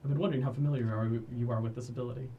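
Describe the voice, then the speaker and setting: A man's voice: medium pitch, steady tone, very fast, far from the mic, narrow, tinny audio, slight background noise. A man narrating a tabletop game as game master, in a loose, hesitant way with frequent laughter.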